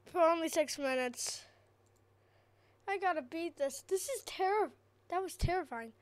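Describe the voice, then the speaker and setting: A woman's voice: very high-pitched, animated, unhurried. A woman hosting a gaming channel, giving nervous, chatty let's-play commentary on a horror game and talking to her viewers.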